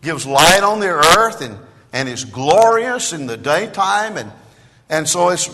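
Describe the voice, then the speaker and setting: Emphatic preacher in a reverberant hall. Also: male voice, a little high, big pitch swings, a little slow. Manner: swings from quiet asides to loud emphatic declarations. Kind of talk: sermon. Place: church sanctuary.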